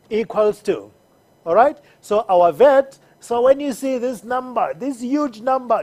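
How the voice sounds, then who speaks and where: A patient accounting teacher talks slowly through each step of a recorded lesson. The voice is mellow, and it keeps checking in with the learners before moving on. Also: mid-range voice. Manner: patient, repeats steps and checks in with "all right?".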